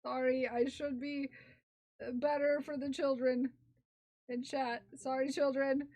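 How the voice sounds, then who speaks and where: A woman's voice: sits high, little pitch movement, unhurried, darkish tone. A woman livestreaming as she crafts, chatting playfully with her viewers while she works.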